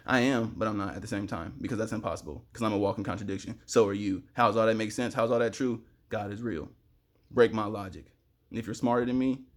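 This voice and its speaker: A young man with a fairly low voice rambles fast and preachy straight to the camera, talking about spiritual matters. He sweats in the heat and bursts out loud now and then. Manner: fast, excitable, preachy, sudden loud outbursts.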